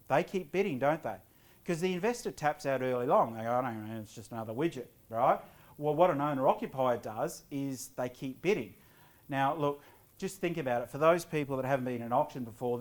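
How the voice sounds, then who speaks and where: A middle-aged man giving a property investment seminar to a live audience, lively and often quizzing the crowd. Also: a little high. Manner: energetic, quizzes the audience with quick questions.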